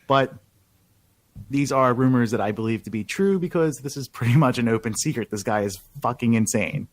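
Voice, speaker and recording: A man's voice: medium pitch, normal speed, dry recording. Emphatic man with a dry, close sound. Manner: filler-heavy, emphatic, gossipy. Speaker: political reporter guest. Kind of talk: casual political talk.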